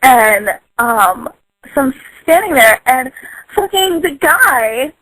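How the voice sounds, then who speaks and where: A woman's voice: high-pitched, expressive, slow, a bit bright, slightly rough, no room sound, poor audio. A woman telling a casual story from work, chatty and giggly, full of likes and ums. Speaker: storyteller in a voice post.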